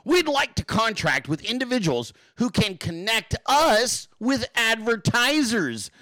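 A man putting on the voice of a pompous male businessman who is pitching an income opportunity, drawn out and sing-song in mockery. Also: big pitch swings, a little slow, pushed and bright, no room sound, exaggerated voice. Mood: mock salesy.

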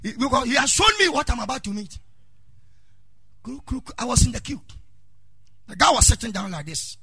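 A middle-aged Ghanaian man preaching a sermon as pastor, calling out to the congregation, shouting in a sing-song way and telling stories from his own life. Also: extremely high pitch, animated, a little fast, breathy edge, dry recording.

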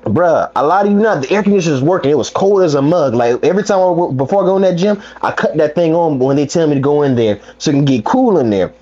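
A man's voice: a little high, expressive, quick pace, few pauses, dark tone. A young man casually telling a funny story, acting out the quotes and laughing often. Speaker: podcast co-host. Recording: dull lo-fi sound.

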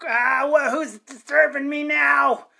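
A woman voicing a grumpy, short-tempered old boss who barks and shouts. She pitches her voice up and speaks louder than her normal talk. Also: fairly even intonation, slow pace, gravelly, heavily acted. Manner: barking, impatient, shouting.

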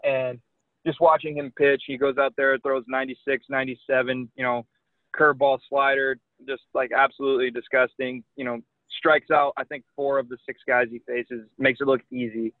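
A young man, a professional pitcher, telling a lively anecdote in casual chat, full of "like" and "you know". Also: normal speed, no echo. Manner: animated anecdote telling with many likes and you knows. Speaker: guest, pro baseball pitcher. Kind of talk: casual storytelling. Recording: tinny phone line.

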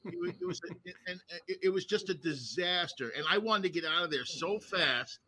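Comic podcast co-host, male; sharp bright tone, high, lively anecdotes. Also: a little fast, slight background noise. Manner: animated, profane anecdotes with voices. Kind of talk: casual chat, storytelling.

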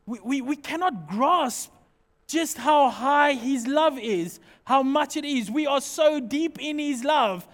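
A man preaching a sermon as pastor, animated and jokey, acting out small everyday scenes as he talks. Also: very high voice, big-room sound.

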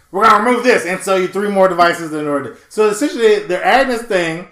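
High bright-voiced dude on a podcast, swearing and joking, roomy echo. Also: male voice, slight background noise. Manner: animated, profane, laughing storyteller. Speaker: podcast co-host. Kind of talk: casual chat.

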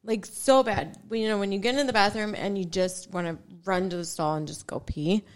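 A woman co-hosting a casual podcast, telling a story with laughter and loud acted-out shouts. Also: medium pitch, a little fast. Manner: animated, laughing, shouts quoted lines. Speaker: podcast co-host.

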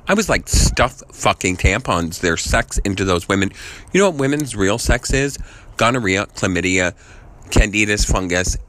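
A man leaves a voice message full of angry ranting, swearing constantly and leaping from one idea to the next. Again and again his voice jumps higher and louder in this profane, rambling rant.

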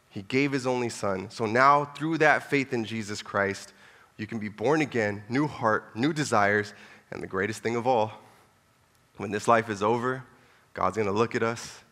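A man's voice: lowish voice, normal speed. Impassioned man preaching in a reverberant hall. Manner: impassioned, pleading, shifting between soft hushed lines and loud emphatic ones. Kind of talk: sermon.

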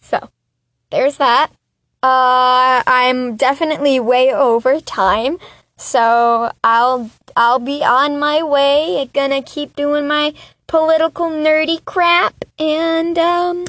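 A woman's voice: sits high, level tone, takes it slowly, a bit bright, no room sound. A woman hosting her own solo political commentary podcast, talking in an impassioned, exasperated rant with chatty, self-mocking asides. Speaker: podcast host.

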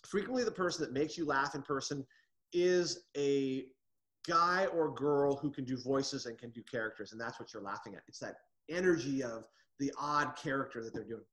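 A middle-aged man from the United States, a comedy writer and interview guest, who tells stories in an animated way with frequent restarts. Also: mid-range voice, normal speed. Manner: animated storyteller, restarts often. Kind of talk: casual interview.

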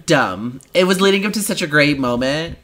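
A woman's voice: sits low, moderate pace. A woman co-hosting a podcast in casual chat, swearing freely and acting out scenes as she retells them. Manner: profane, animated retelling with quoted voices. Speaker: podcast co-host.

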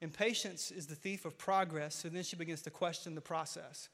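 Man preaching, high bright voice, emphatic building refrains, long hall reverb. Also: steady tone, fairly quick, creaky. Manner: building to loud emphatic peaks, repeating key lines. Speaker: pastor. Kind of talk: sermon.

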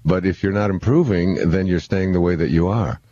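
Low-voiced man musing with halting restarts. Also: mellow, dry recording, lo-fi sound. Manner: halting, many restarts and repeated words. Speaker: guest speaker on spiritual living. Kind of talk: reflective conversational explanation. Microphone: handheld microphone.

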